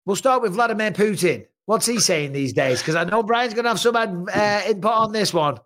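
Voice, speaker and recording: A man hosting a podcast, talking emphatically in loose casual chat. His voice sits fairly high for a man. He keeps tossing in tag questions. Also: lively intonation, moderate pace, a bit bright. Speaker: podcast host.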